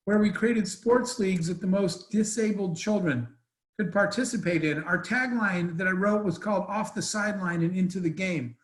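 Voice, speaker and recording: A man's voice: high voice, echoey room, rough recording. A man telling an emotional story as a guest speaker in an online Q&A, earnest and rambling with restarts, over a video call.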